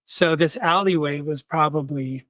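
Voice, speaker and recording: A man hosts a podcast and tells a personal story in an animated way, slipping into the voices of the people in it. His voice sits a little high for a man. The recording is close and dry, with no room sound. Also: unhurried, no echo. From United States. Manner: animated, acts out quoted voices. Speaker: podcast host. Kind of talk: storytelling in conversation.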